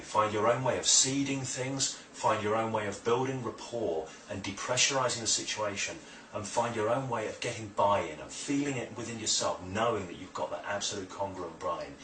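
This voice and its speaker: A man's voice: fairly low pitch, moderate pace, hardly any pauses, a bit bright, recorded from a distance, slight background noise. A man giving a spoken video lesson, explaining and coaching with emphatic repetition. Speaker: hypnosis instructor. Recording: roomy sound, voice away from the mic.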